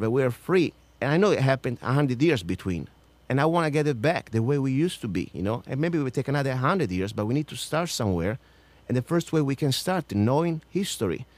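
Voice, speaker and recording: A man with a non-native accent hosting a radio talk show, ranting about politics with strong emphasis, swinging from loud outbursts to low mutters. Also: no room sound. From outside the United States.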